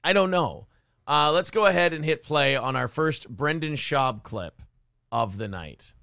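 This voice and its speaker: A man's voice: fairly high pitch, lively intonation, unhurried, creaky, bright, forceful tone, no room sound, studio quality. A man hosting a morning radio show, chatting casually and mocking with a sarcastic, laughing delivery. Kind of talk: casual comedic chat. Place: radio studio.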